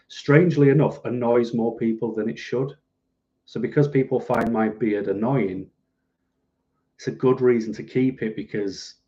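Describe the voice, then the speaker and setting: A middle-aged man rambles through a casual live stream from home, poking fun at himself as he answers viewers. His voice is dark and mellow, and the webcam audio comes through a bit dull and lo-fi. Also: mid-range voice. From United Kingdom. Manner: rambling, self-deprecating, reads out viewer comments.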